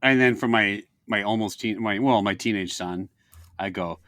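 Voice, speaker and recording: A man and father co-hosting a casual podcast, playful and quick to put on silly voices. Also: fairly low pitch, a bit bright, no echo. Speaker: podcast co-host. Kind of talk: casual chat, snack tasting.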